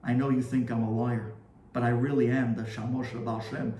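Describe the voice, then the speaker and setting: A man voicing a humble, apologetic male synagogue attendant, soft and pleading. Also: mid-range voice, level tone, brisk, reverberant, slight background noise, pitched below the performer's own voice, close to an everyday voice.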